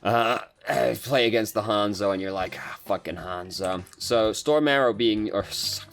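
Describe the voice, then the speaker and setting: A young man casually commentating over gameplay as a coach, relaxed, with frequent fillers and casual swearing. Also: on the low side, a little slow, creaky. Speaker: game coach reviewing gameplay.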